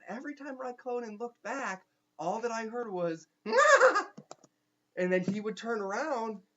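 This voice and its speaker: A young man, a teacher, telling a funny story casually with animated asides and quick restarts. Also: sits high. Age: young adult. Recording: dull lo-fi recording.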